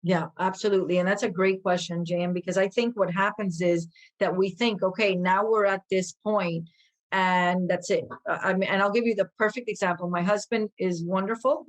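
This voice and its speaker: A woman in her fifties, a podcast guest telling stories in an energetic, animated way, acting out quoted voices. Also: mid-range voice. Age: 50s. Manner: energetic, animated, quick-talking with lively quoted asides. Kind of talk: conversational interview storytelling.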